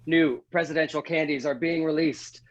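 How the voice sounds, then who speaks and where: A man hosting a comedy panel game. He chuckles often, keeps an upbeat tone and reads each question out slowly. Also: a little high, steady tone, dull audio. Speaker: game show host.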